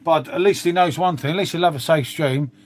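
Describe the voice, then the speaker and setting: Middle-aged man, London accent, rambling livestream chat, swears a lot, slightly high voice. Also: a little fast, a little hiss or hum. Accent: London English. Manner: rambling, swears, frequent "mate" and tag questions. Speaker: livestream host. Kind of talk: casual chat to live viewers.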